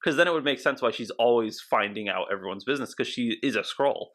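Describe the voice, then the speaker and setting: A man co-hosting a podcast who theorizes in an animated, rambling way, with frequent restarts. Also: mid-range voice, fast talker. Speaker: podcast co-host. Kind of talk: casual podcast chat.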